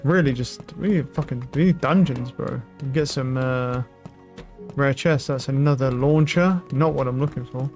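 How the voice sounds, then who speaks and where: A young man streaming a game, talking loudly and excitably with lots of swearing to his chat and a friend. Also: medium pitch, normal speed. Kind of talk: casual live-stream commentary. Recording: game music loud behind voice. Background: game music.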